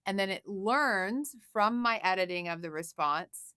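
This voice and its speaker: A woman's voice: mid-range voice, expressive, unhurried, pushed and bright, clear, resonant tone, dry recording, studio quality. A woman guest on a podcast, explaining things in a friendly way and often quoting imagined voices. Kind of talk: casual podcast chat.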